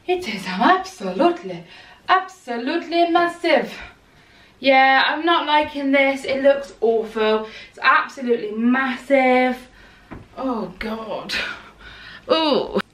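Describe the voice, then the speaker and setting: High, lively woman vlogger. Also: slow pace. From United Kingdom. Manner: chatty, exasperated, outspoken. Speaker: fashion vlogger. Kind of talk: casual try-on haul chat.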